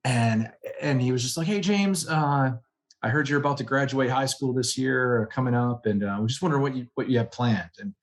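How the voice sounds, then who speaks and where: A man, a guest on a podcast interview, telling stories with lively quoted voices and frequent laughter. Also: medium pitch, a little fast. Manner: animated storyteller, acts out quoted voices, laughs often. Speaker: guest, general manager.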